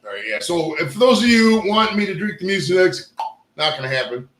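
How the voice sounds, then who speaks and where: A fast-talking man hosts a loose, joking chat, his voice fairly high and swinging widely in pitch. He rambles from one tangent to the next. The room around him is echoey. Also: big pitch swings, fairly bright tone, a little hiss or hum. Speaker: podcast host. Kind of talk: casual chat.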